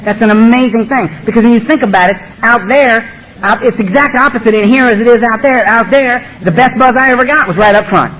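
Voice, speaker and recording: A man's voice: extremely high pitch, brisk, fairly bright tone, slight background noise, poor audio. A man speaking at a recovery meeting, blunt, emphatic and humorous, with a lot of swearing. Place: meeting room.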